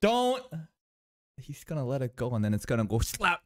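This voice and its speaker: A reaction host giving live commentary on an anime, animated, laughing and talking back at the screen. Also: mid-range voice, moderate pace.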